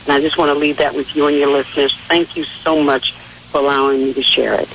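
A woman's voice: deep voice, fast talker, a little hiss or hum. Woman caller, from New York City, heartfelt storytelling, tinny phone line. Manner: heartfelt storyteller, lively voices when quoting. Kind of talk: phone-in call to talk radio. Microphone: telephone.

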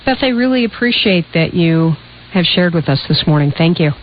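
A woman's voice: lowish voice, lively intonation, moderate pace. A woman hosting a live talk radio show, interviewing guests and taking calls. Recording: dull broadcast audio with faint hiss.

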